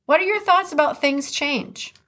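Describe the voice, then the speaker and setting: A woman's voice: high-pitched, moderate pace, fairly bright tone. A woman with a Midwestern American accent talks through a solo podcast episode in a loose, conversational way. She reads short passages aloud, then stops to react to them and reflect in her own words. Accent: Upper Midwest American. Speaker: podcast host. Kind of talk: casual podcast monologue.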